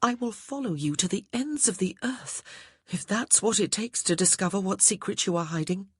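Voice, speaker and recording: An earnest young bride pleads and insists in a lifted, slightly husky voice, as a man puts her on. Her words often sink to a breathy hush in a dry, close audiobook recording. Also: sits high, animated, normal speed, dry recording, voice pushed up, heavily acted. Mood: pleading. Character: determined young noblewoman bride. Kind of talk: audiobook character voice.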